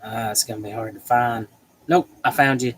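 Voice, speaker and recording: A man's voice: medium pitch, steady tone, normal speed, breathy edge, poor audio. A man hosting a casual livestream, reading viewer comments aloud in a chatty, joking way. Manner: chatty, joking, laughs often. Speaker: livestream host.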